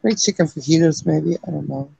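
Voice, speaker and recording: A woman's voice: sits low, a little fast, vocal fry, dark tone, breathy edge, no echo, lo-fi sound. A woman joking and teasing in a casual group chat.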